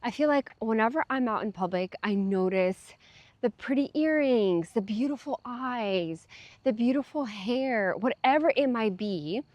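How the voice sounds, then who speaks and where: A woman's voice: fairly high pitch, animated, measured pace, a little mellow, dry recording, muffled recording. A young adult woman vlogging in a casual, chatty way, with many fillers and little laughs. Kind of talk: casual talk to camera.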